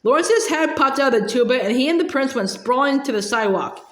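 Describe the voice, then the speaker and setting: A woman's voice: high voice, lively intonation, fast talker. Woman reading a storybook aloud, echoey. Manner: reads aloud with small slips and restarts. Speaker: reader of a children's novel. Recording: echoey room.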